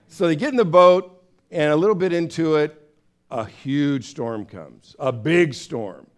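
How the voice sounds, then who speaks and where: A man preaching a sermon in a conversational, storytelling way, acting out voices with big swings of pitch. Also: unhurried. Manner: conversational, with fillers and restarts. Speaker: pastor.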